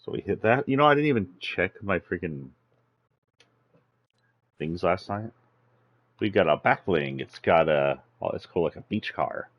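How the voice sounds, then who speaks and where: A man's voice: deep voice, animated, moderate pace, pauses often, lo-fi sound. A man streaming games live, rambling casually, chuckling to himself and chatting to his cat. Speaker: game streamer.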